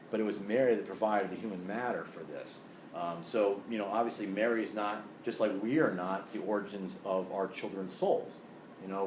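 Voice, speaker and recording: A man's voice: on the low side, a little hiss or hum. A man giving a classroom lecture in a conversational way, often checking in with tag questions and asides. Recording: echoey room, faint ambience.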